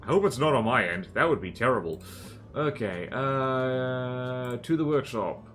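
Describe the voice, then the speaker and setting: A man chats casually through a live game stream, his voice sitting at an ordinary middle pitch. He rambles from one thought to the next and pokes fun at himself as he goes. Faint guitar music plays softly in the background. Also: lively intonation, moderate pace. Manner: rambling, self-mocking and jokey. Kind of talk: casual live-stream chat while playing.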